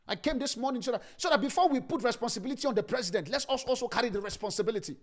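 Emphatic, high-pitched preacher man. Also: rapid-fire, hardly any pauses. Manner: emphatic, repeats key phrases, swings between loud and hushed. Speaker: pastor. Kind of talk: sermon.

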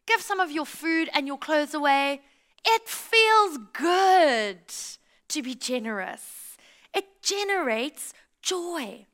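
A South African woman preaching a sermon, telling stories in a lively way and speaking straight to her congregation. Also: high-pitched. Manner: lively storytelling, addresses the congregation directly.

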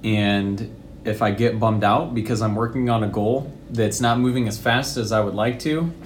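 A man's voice: lowish voice, normal speed, a little hiss or hum. A man talking as a podcast guest, reflective and motivational, with frequent ums and kind-ofs. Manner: reflective, motivational, many fillers. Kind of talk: casual podcast interview.

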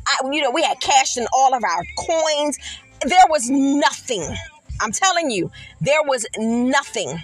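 A middle-aged woman with a high voice tells a personal faith testimony in an earnest, animated storytelling manner. She leans into emphatic repetitions as soft music plays faintly underneath. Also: unhurried, rough recording. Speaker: podcast host.

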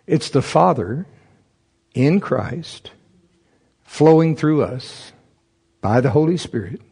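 This husky-voiced man preaches at a church service, weaving a funny personal tale into the scripture. Laughter keeps breaking into his animated, humorous delivery, and his voice soars high and loud at the most excited moments.

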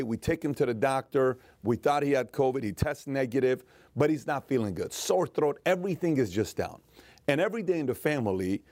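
A middle-aged man giving an earnest motivational talk, telling a family story and often slowing down to a soft, emotional tone. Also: mid-range voice, no echo. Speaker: motivational speaker.

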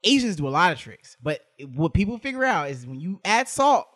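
A man co-hosting a casual podcast, joking and ranting in big swings from loud outbursts to low mutters. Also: brisk. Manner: animated, jokey rants that swing from loud to muttered. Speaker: podcast co-host.

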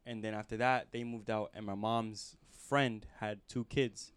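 A man with a low, smooth and resonant voice. He talks in a calm, measured way, as in relaxed conversation with a friend. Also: dry recording. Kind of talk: casual chat.

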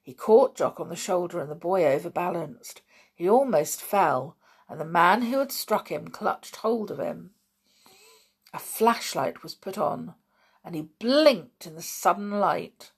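A woman narrating a children's storybook in a soft, measured way. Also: on the low side, animated, creaky, slightly rough. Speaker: audiobook narrator.

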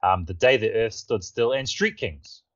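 A man's voice: on the low side, moderate pace, a bit bright, dry recording. Laid-back man, muffled dry mic. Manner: laid-back, swears, laughs often. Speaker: podcast co-host. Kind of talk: casual chat.

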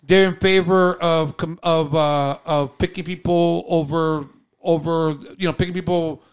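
High-voiced man ranting on a podcast. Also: unhurried, clear, resonant tone. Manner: animated, exasperated, mocking asides. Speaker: podcast co-host. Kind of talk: casual ranting chat.

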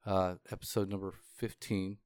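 A man's voice: low voice, level tone, normal speed, a little mellow, smooth, no room sound, studio quality. A man co-hosting a podcast, telling a long personal story with lots of swearing, laughter, fillers and restarts. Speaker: podcast co-host.

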